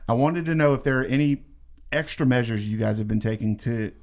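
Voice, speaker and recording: A man's voice: mid-range voice, fairly quick, darkish tone. A man co-hosting a podcast in casual chat, playful and leading the questions. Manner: playful, jokes around, leads the questions. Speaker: podcast co-host.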